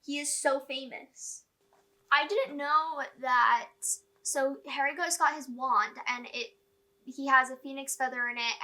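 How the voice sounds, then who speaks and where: A woman chatting excitedly in a casual reading vlog at home, filling her talk with "like". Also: high-pitched. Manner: chatty and excitable, heavy use of "like". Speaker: book vlogger.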